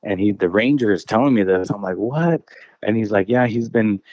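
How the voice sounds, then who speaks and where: A man's voice: lowish voice, steady tone, fairly quick, darkish tone, no room sound, highs cut off. A man casually telling a personal encounter story as a guest. He rambles, restarts his phrases and keeps saying dude and bro.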